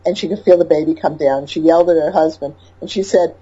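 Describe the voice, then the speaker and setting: Lower-pitched woman host, emphatic storyteller; muffled audio. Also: fast talker, slightly rough. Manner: animated storyteller, emphatic repetition. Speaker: interviewer, birth educator. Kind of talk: casual interview chat.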